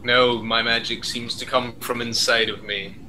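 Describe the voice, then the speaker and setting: A man's voice: medium pitch, flat delivery, moderate pace, sharp tone, a little hiss or hum, rough recording. A man playing a tabletop game, speaking in character in a polite, plain way. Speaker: player. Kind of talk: in-character tabletop role-play.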